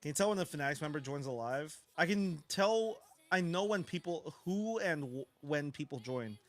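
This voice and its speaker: A man's voice: fairly high pitch, animated, normal speed, soft background music. A man streaming a live card break, chatting casually and ranting with swearing and frequent chuckles.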